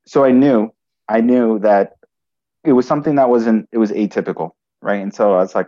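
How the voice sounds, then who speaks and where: A man's voice: fairly low pitch, dark tone, dull audio. A man telling a personal story in conversation, restarting often and adding "right?" as he goes. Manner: halting, frequent restarts and "right?" tags.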